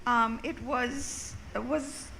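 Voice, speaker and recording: Earnest woman with a gravelly voice. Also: fairly high pitch, steady tone, takes it slowly, sharp tone, slight background noise, low-quality recording. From Caribbean, Jamaica and Trinidad. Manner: earnest, personal, emotional. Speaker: audience member asking a question. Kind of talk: audience question at a panel.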